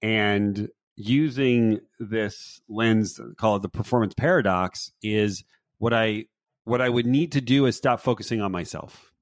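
A man with a low voice hosts a podcast chat, feeling his way through his thoughts in halting, repeated phrases. The sound is close and dry, with no room around it. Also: dry recording. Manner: halting, repeats words as he thinks aloud. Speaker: podcast host. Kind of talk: casual conversation.

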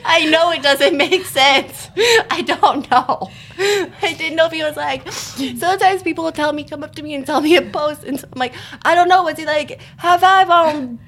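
High-voiced woman telling a story, laughing. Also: normal speed, hardly any pauses, slight background noise. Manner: laughing storyteller, animated retelling. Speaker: podcast co-host. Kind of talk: casual chat.

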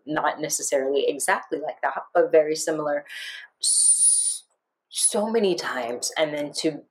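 A woman co-hosting a podcast, talking through her feelings in a rambling, emotional way with lively quoted asides. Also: low-pitched. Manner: emotional, rambling, animated quoting. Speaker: podcast co-host. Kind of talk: casual podcast chat.

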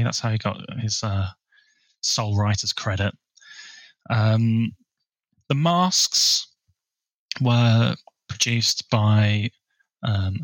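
A man co-hosting a podcast, chatting casually about a film and sharing bits of research in a relaxed way. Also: medium pitch, no room sound, poor audio. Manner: relaxed, shares researched trivia. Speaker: podcast co-host.

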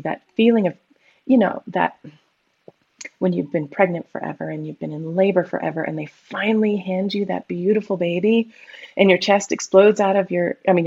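Gravelly expressive woman storyteller. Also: medium pitch. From United States. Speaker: guest medium and Reiki practitioner. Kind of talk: casual storytelling conversation. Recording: slightly dull lo-fi audio.

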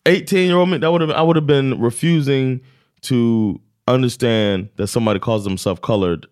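Man, american accent, thirties, casual podcast chat, animated storyteller. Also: medium pitch, normal speed. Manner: animated storytelling, acts out quotes. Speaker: podcast co-host.

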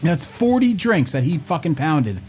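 A male podcast host riffing in loose, jokey chat, his pitch jumping around as he talks and cusses. Faint music sits under his voice. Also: very animated, normal speed, darkish tone. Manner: joking, loose, swears freely. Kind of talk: casual podcast banter.

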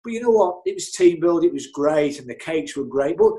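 A former footballer and physio telling stories in an animated, chatty way, repeating himself and laughing often. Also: male voice, fairly high pitch, brisk. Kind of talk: casual storytelling interview.

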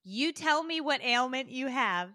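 A woman voicing a polite female insurance phone agent who speaks in a brisk, helpful service tone. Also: high-pitched, expressive, bright, forceful tone, no echo, studio quality, full character voice.

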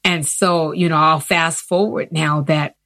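Interview guest, woman in her fifties, low-pitched and earnest, acting out the people she quotes. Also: unhurried, no room sound, clean studio sound. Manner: earnest, animated retelling with acted quotes. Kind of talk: personal storytelling.

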